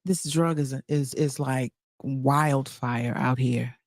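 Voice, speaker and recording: A woman co-hosting a podcast in casual chat, chatty and often laughing, growing animated as she talks. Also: rumbling low, takes it slowly, no room sound, clean studio sound. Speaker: podcast co-host.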